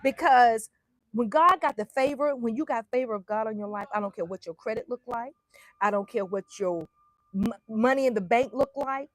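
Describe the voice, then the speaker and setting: A woman's voice: a little high, normal speed, no echo. A woman telling a faith testimony as a motivational speaker, emphatic and bold, talking straight to her listeners.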